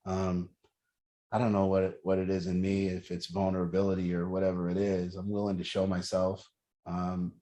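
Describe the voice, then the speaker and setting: A man's voice: deep voice, darkish tone. A middle-aged man leading a group, talking earnestly and working through his thoughts with repeated rhetorical questions. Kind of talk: reflective group talk.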